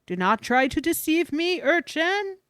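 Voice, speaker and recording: A woman's voice: high voice, sing-song, unhurried, a bit bright, no room sound, clean studio sound, pitched above the performer's own voice, exaggerated voice. A woman reading a fanatical cult priestess's game lines aloud in a pompous, theatrical voice. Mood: indignant.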